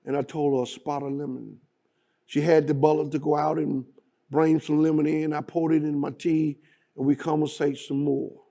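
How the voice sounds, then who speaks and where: A male guest speaker telling a story in a dramatic, deliberate manner. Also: a little high, level tone, creaky, warm tone. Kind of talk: storytelling speech.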